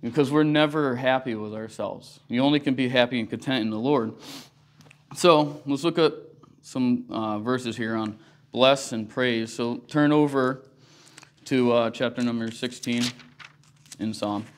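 A man's voice: mid-range voice, measured pace. A man teaching a Sunday school class in a church, talking through scripture in an earnest, conversational way. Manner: earnest, conversational, often says "you know". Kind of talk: casual Bible teaching.

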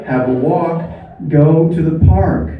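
A man voicing a rambling, fervent older preacher with a put-on American accent, preaching in bursts and shouts in a stand-up bit. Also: fairly high pitch, slow, narrow, tinny audio. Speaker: stand-up comedian. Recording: echoey club, distant mic, loud room noise.

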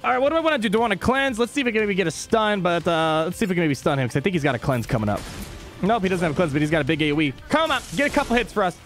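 A young man streams his gameplay live, talking straight to his chat. His voice sits high and swings widely as he flips from calm to excited, and faint game music plays underneath. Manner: excitable, talks to chat, quick mood swings.

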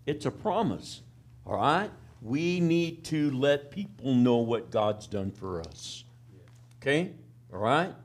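A folksy country preacher, a man of middle pitch who talks in a plain, down-home way. He keeps asking his congregation "amen?" and "all right?" between his points. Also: sing-song, slow pace. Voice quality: plain country-boy way of talking. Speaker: pastor. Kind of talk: sermon.

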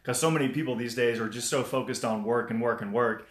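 A man's voice: medium pitch, fast talker. Chatty man livestreaming in a roomy space. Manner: chatty, repeats himself, greets viewers. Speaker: motivational livestream host. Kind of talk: casual live stream coaching talk. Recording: roomy echo.

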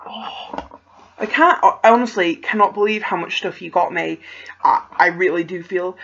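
A young woman, chatting casually as she unboxes a parcel, gasping and gushing with excitement. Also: on the low side, moderate pace, vocal fry, a little hiss or hum. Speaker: vlogger opening a parcel. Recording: slightly dull home video audio.

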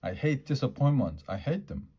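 A man's voice: mid-range voice, big pitch swings, moderate pace, dark tone, slightly rough, voice pushed up. A man voicing a stubborn, sassy little girl who talks in emphatic, repetitive bursts. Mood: grumpy.

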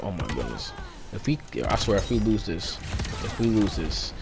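A man giving excited play-by-play commentary as he plays a fighting game, groaning and exclaiming at every hit. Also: on the low side, normal speed, over music. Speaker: gaming channel host. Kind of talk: live gameplay commentary.

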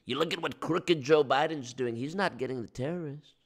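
A man's voice: on the high side, brisk, voice pushed up. A man putting on the voice of a boastful, blustering older politician who brags in repetitive superlatives.

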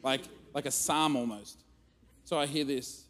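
A man preaching at church, telling a funny family story in an animated, self-mocking way. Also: medium pitch, unhurried, slight background noise. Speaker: guest speaker. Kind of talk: storytelling sermon. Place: church auditorium. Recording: long reverb of a church hall.

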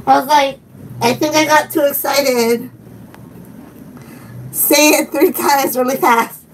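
A woman's voice: high-pitched, steady tone, slow pace. A woman chatting casually on a live stream, giggling often and talking to her viewers. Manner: giggly, chatty, laughs often and reads chat aloud. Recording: distant mic with faint background noise.

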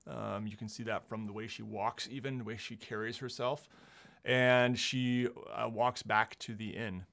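A man narrates a tabletop game as the game master. He talks in a halting way, filling pauses with ums. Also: mid-range voice, level tone, vocal fry, fairly bright tone.

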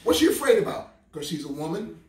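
A male preacher with a high, ringing voice delivers a call-and-response sermon, hammering his lines over and over and rising into shouts. He sounds set back from the microphone in a reverberant church sanctuary. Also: very animated, brisk. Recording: echoey room, mic far off.

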